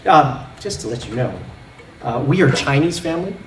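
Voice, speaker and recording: A man preaching a sermon in a church, animated and often laughing as he makes his points with props and playful sound effects. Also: on the high side, a little fast, echoey room, distant mic, very noisy. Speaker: pastor. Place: church sanctuary.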